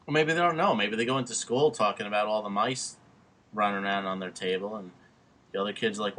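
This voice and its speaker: A man with a New York accent hosting a podcast, teasing his friend loudly and swearing freely in casual banter. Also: on the low side, fast talker. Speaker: podcast host.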